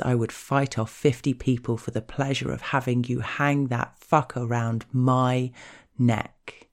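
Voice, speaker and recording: A woman reading a scripted erotic story in the first person, with a measured, intimate delivery. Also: a bass voice, darkish tone. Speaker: narrator.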